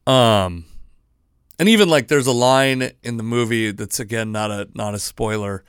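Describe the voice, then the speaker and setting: A man's voice: mid-range voice, moderate pace, clean tone, no room sound, studio quality. Rambling self-deprecating man in his thirties. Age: 30s. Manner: rambling, self-deprecating, lots of fillers and restarts. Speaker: podcast host. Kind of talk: casual solo podcast talk.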